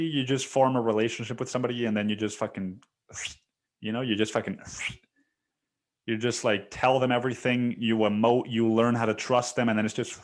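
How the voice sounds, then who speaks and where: A young man hosting a solo podcast, talking in a rambling, profane, confessional way, full of "dude" and "man," swinging between loud bursts and near-whispers. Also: lowish voice, steady tone, normal speed. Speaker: podcast host.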